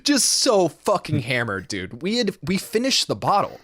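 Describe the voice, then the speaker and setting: A man's voice: fairly high pitch, wildly swooping pitch, normal speed, a bit bright, no echo. A young man co-hosting a podcast, telling a rambling, profane story and laughing often as he goes. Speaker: podcast co-host. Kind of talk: casual storytelling chat.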